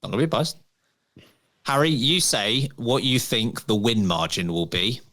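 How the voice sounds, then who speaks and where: A man's voice: mid-range voice, very animated, a little slow, bright, forceful tone. A man co-hosting a casual motorsport podcast chat, joking and steering the segments. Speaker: podcast co-host.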